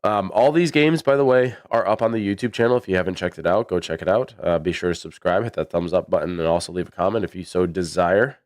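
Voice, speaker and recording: A man with a baritone voice giving chatty, rambling livestream commentary on a match, with many fillers. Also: fast talker, hardly any pauses, dry recording, clean studio sound. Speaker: esports commentator.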